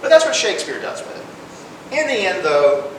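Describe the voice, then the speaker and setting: A man's voice: big pitch swings, moderate pace, a bit bright. Man lecturing casually in an echoey room. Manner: conversational, paraphrases history in everyday talk. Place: public library lecture room. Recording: echoey room, distant mic, rumbling noise.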